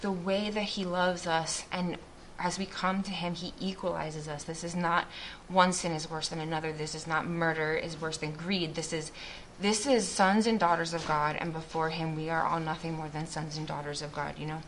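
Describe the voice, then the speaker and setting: A woman's voice: deep voice, flat delivery, normal speed, a little hiss or hum. A woman speaking to a group as a missionary, giving an earnest, reflective faith testimony with many restarts.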